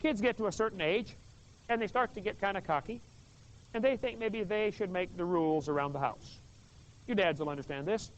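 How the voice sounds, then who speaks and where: A man's voice: high voice, fairly quick. A man giving a joking Bible lecture to a live audience, folksy and full of questions for the crowd. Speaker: creation seminar speaker. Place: stage with a display table. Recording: dull lo-fi video recording.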